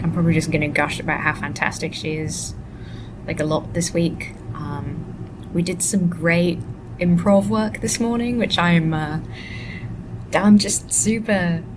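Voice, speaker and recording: A tired woman vlogging casually from a hotel room into a laptop webcam, rambling and soft-spoken, sometimes drifting into whispers. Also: fairly even intonation, unhurried. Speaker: vlogger and actor. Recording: noisy low-quality webcam audio.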